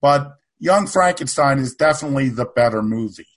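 A man's voice: medium pitch, expressive, a little fast. A man telling loose, self-correcting anecdotes in a casual podcast chat about films. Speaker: panel guest.

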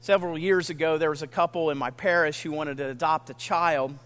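A man preaching a sermon with earnest, dramatic pauses, sometimes dropping almost to a whisper. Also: a little high, fairly even intonation, fairly bright tone, in a large hall. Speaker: pastor.

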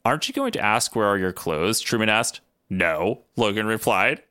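A man co-hosting a podcast, reading fan fiction aloud in an animated way and breaking into laughs. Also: on the low side, normal speed, clear, resonant tone, no room sound, clean studio sound. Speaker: podcast co-host.

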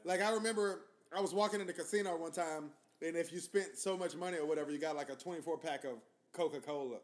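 A man's voice: fairly high pitch, fast talker. A man hosting a podcast, telling loose, profane stories in casual chat. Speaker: podcast host.

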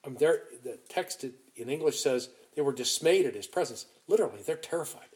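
A man preaching a sermon, retelling a scripture story in an animated, emphatic way with frequent restarts. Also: mid-range voice, fairly quick.

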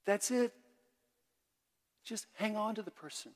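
An older man preaching a sermon as pastor, candid and conversational, swinging between loud and hushed. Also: sits high, expressive, normal speed, pauses often. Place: church sanctuary. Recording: long church reverb.

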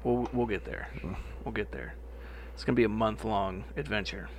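A man's voice: fairly low pitch, fairly even intonation, moderate pace, a little hiss or hum. Young man telling stories, swearing casually. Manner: loose, profane storytelling with quoted voices. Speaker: podcast co-host. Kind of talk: casual chat.

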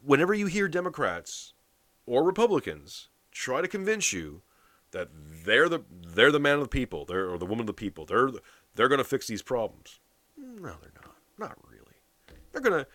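A man's voice: mid-range voice, fairly bright tone, no room sound. A man from Canada giving a blunt, sarcastic political rant, swearing heavily.

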